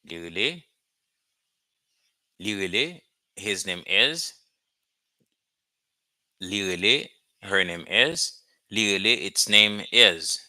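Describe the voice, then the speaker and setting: A man teaching a language lesson, repeating phrases slowly and checking in with "okay?" after each point. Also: on the low side, animated, pushed and bright, dry recording. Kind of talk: slow explanatory lesson.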